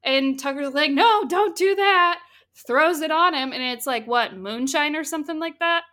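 A woman casually retelling a film's plot as a podcast co-host, lively and swearing freely. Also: high voice, moderate pace. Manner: animated storytelling, swears freely. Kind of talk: casual chat recapping a film.

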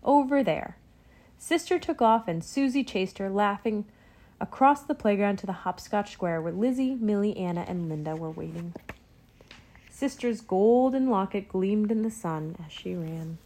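A woman reading a children's picture book aloud with gentle, expressive storytelling. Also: mid-range voice, moderate pace, rough recording. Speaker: storybook reader.

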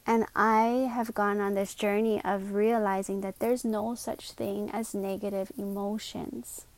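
A woman hosting a solo podcast, talking in an earnest, confiding way, with quick asides and slowed words for emphasis. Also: medium pitch, level tone. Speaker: podcast host. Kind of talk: reflective solo podcast monologue.

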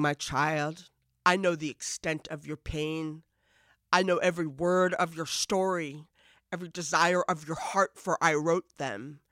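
A woman voicing God in a spoken-word poem, gentle and reassuring toward a hurting daughter. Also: fairly low pitch, dry recording, studio quality. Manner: gentle, reassuring, steady recitation. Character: tender patient loving God speaking to a daughter.

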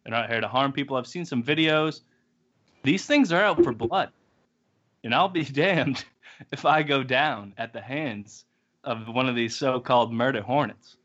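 A man's voice: mid-range voice, unhurried, a bit bright. Laid-back young man chatting on a podcast. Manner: laid-back, lots of likes and ums. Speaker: podcast co-host. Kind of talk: casual chat. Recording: dull lo-fi podcast audio.

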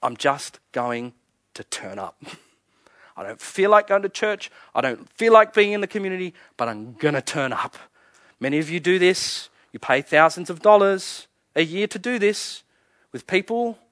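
A man preaching a sermon as pastor, earnest, often chuckling and sinking to a hushed, soft delivery. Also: high voice, lively intonation, moderate pace, no room sound.

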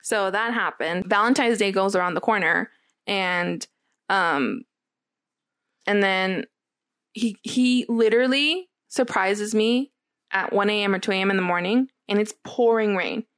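A young woman in casual conversation who tells her story in long, rambling runs. She fills her talk with "like" and acts out what other people said. Her voice sits at an ordinary middle pitch for a woman. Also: a little slow, a bit bright. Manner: rambling, filler-heavy, quotes others a lot. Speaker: podcast co-host.

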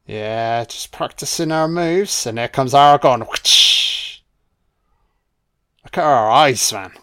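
A man's voice: medium pitch, moderate pace, clean tone. A man giving a casual, jokey, sweary film commentary. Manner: laid-back, sweary, jokey.

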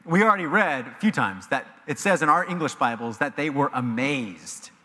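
A man preaching a sermon as pastor, animated and emphatic, in a church sanctuary with long reverb. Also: medium pitch, normal speed. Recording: long reverb of a large hall.

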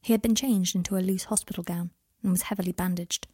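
Husky woman reading a story. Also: on the low side, steady tone, fast talker, warm tone, no room sound, clean studio sound. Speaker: narrator.

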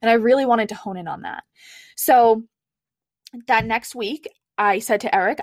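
A woman's voice: medium pitch, fairly even intonation, normal speed, no room sound, studio quality. Chatty young woman telling her story. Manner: chatty and candid, frequent "like" fillers. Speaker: podcast guest, niche coach. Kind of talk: casual personal storytelling.

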